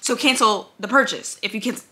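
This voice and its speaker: A woman's voice: a little high, fairly quick. A young adult woman, a college vlogger, dramatically telling a casual storytime with lots of "like". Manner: animated, dramatic retelling with frequent 'like'. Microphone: handheld mic prop, not connected.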